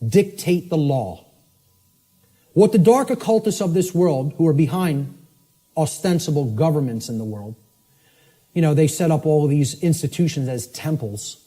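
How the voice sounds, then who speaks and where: A man giving a forceful, emphatic lecture, often checking in with "okay?" and spelling words out letter by letter. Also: fairly high pitch.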